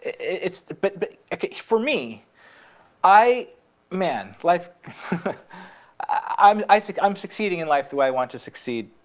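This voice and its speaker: A guest in a casual talk whose voice swings widely in pitch. They speak haltingly, restarting sentences often, and laugh easily. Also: sing-song. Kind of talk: casual conversation.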